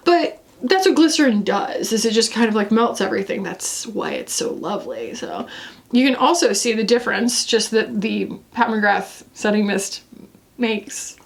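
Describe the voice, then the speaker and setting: A chatty woman from Florida talks through her makeup routine in a relaxed vlog. Her voice sits a little high, and her easy, rambling delivery is full of fillers and playful asides. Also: normal speed, creaky. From Florida, USA. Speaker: beauty reviewer. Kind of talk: casual makeup vlog chat.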